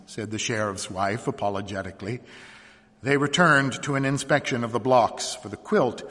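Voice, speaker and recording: A man reading a short story aloud in a measured, expressive narration. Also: medium pitch, long reverb tail. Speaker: reader.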